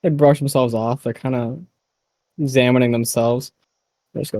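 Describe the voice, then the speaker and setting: A man playing in a tabletop game, talking in a halting way and often repeating words. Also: mid-range voice, steady tone, mellow, dry recording. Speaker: player. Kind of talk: casual online game chat.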